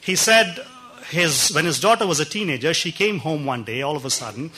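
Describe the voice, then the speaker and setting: Bright-voiced man telling sermon stories. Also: on the high side, lively intonation, breathy edge. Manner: warm anecdotal storytelling with pauses and fillers. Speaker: pastor. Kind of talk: sermon storytelling.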